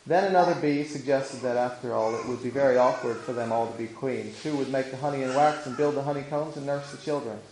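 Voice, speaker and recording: A man reading an old-fashioned storybook aloud in a measured, steady way. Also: mid-range voice. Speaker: narrator. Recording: echoey room with faint noise.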